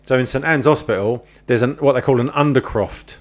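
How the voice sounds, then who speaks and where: A man spins a rude, lively anecdote in a relaxed chat. He swears freely and slips into other people's voices as he tells it. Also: medium pitch, a little fast. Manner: swearing, animated anecdotes with acted-out quotes. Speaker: podcast host. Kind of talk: casual storytelling chat.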